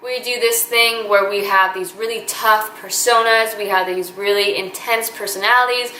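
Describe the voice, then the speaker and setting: A woman's voice: medium pitch, fairly even intonation, moderate pace, pushed and bright. A woman in her twenties talking earnestly to camera in a casual vlog, chatty and gushing with lots of fillers. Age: 20s. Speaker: vlogger. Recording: echoey room with faint ambient noise.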